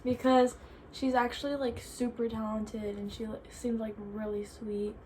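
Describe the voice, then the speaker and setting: A fairly high-pitched young woman chats loosely through viewer questions, dropping "like" into nearly every sentence. A faint hum of room noise sits behind her. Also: little pitch movement, measured pace, warm tone. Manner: chatty, filler-heavy with frequent "like". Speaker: vlogger answering viewer questions. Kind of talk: casual chat.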